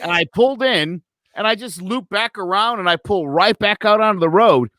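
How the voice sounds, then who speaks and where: A man's voice: high-pitched, brisk, no room sound, studio quality. A man co-hosting a casual podcast, telling stories animatedly, acting out the people he quotes and swearing freely. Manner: animated storyteller, acts out quotes, heavy swearing. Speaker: podcast co-host.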